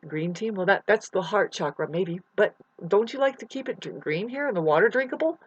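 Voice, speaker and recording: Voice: medium pitch, lively intonation, brisk, husky, no echo. Brief: a fragmented, restless monologue vlogger who shifts from mumbles to outbursts; dull, muffled home-mic sound. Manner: fragmented, full of restarts, swings from mumbling to loud outbursts. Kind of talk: rambling unscripted monologue. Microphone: computer mic.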